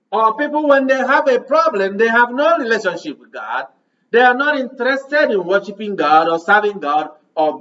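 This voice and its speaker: A man preaches with a high voice, hammering his congregation with rhetorical questions. He sounds set back from the microphone, and the recording is dull and muffled. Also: pushed and bright, far from the mic. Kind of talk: sermon.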